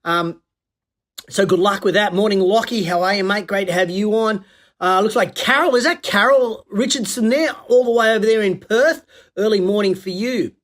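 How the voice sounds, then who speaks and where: A man's voice: sits high, normal speed, a bit bright. Upbeat Australian man hosting live. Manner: upbeat, chatty, coach-like delivery with folksy slang. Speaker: host of a weekly live business show. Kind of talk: live-streamed solo talk greeting viewers.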